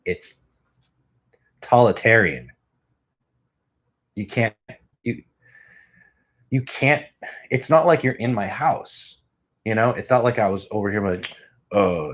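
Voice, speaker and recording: A man's voice: on the low side, expressive, unhurried, long pauses, fairly bright tone, breathy edge. A man hosting a home podcast, rambling casually and swearing, talking close into a studio microphone. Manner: rambling, profane, self-mocking. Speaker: podcast host.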